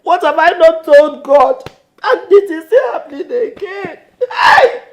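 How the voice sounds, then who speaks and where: A woman's voice: high-pitched, measured pace, roomy sound. An actress playing a grieving older mother with a Nigerian accent, crying and wailing aloud. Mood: wailing grief.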